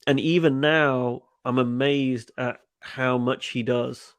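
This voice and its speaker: A man's voice: mid-range voice, fairly even intonation, slow, dry recording. A middle-aged man, a coach, telling stories in a webinar, often repeating words and acting out quoted dialogue. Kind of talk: webinar interview answers.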